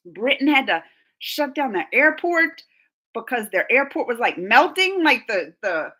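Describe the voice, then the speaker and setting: A woman's voice: on the high side, big pitch swings, slow, pauses often, pushed and bright. A young woman hosting a casual live stream, chatting and giggling as she reads out viewer comments. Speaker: reaction channel host.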